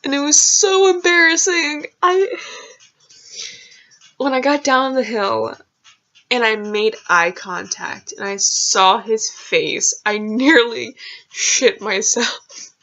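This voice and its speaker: A woman's voice: mid-range voice, slow pace, long pauses, fairly bright tone. A young woman vlogger rambling through embarrassing personal stories, full of fillers and casual swearing. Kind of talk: casual storytelling. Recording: lo-fi dull sound.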